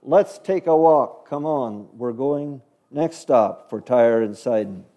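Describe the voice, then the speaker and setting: A man doing a gentle, patient teacher figure. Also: mid-range voice, expressive, takes it slowly, dull audio. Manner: soft, questioning, kindly.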